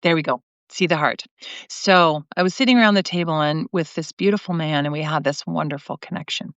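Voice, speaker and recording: A woman's voice: low-pitched, brisk, no room sound. A middle-aged woman hosting a live stream, telling a personal story earnestly and with many restarts. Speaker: host. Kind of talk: livestreamed heartfelt storytelling. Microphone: computer mic on a live video stream. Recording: dry, slightly muffled stream audio.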